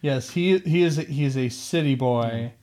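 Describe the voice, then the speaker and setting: Man, podcast co-host, casual movie chat, easygoing, laughs a lot, mid pitch. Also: measured pace, a little mellow. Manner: easygoing, laughs often, hesitant fillers.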